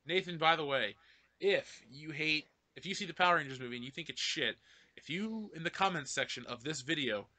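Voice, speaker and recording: Lively bright-voiced male podcast host. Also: fairly high pitch, a little fast. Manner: loud, laughing, profane banter. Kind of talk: casual podcast chat reading comments.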